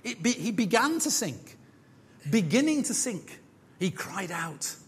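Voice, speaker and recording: A man preaching a sermon as pastor, animated, acting out voices, with jokey asides. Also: high voice, a little slow, husky. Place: church. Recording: church hall with long reverb.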